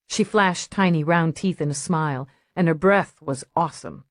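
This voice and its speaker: A woman narrating a crime audiobook in a steady, measured storytelling voice on a close mic. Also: fairly low pitch, no echo. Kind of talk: scripted narration.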